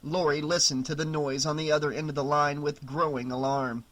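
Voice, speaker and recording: An audiobook narrator reading a horror novel aloud with expressive storytelling. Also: medium pitch, fairly quick.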